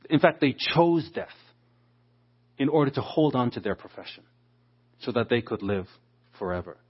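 A man's voice: medium pitch, slightly rough. A man preaching a Bible study, explaining a passage verse by verse and acting out the people he quotes. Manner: expository, acts out quoted speakers. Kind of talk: Bible teaching. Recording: dull lo-fi sound.

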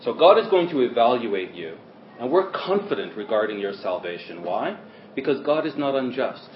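A man preaching a sermon in a church hall, who swings between loud stresses and quiet asides. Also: medium pitch, sing-song, moderate pace, slight background noise. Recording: roomy, dull lo-fi sermon recording.

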